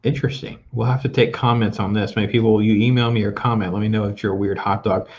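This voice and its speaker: A man's voice: fairly low pitch, little pitch movement, fast, a little mellow. Older guy hosting, going off on opinionated jokey rants, kinda muffled lo-fi audio. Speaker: talk show host. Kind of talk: casual chat.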